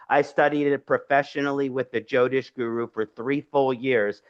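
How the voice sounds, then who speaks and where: Man, Philadelphia accent, nasal; earnest reflective lecturer, muffled lo-fi sound. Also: mid-range voice. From Philadelphia, Pennsylvania. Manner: earnest, reflective, asks rhetorical questions. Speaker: astrology lecturer.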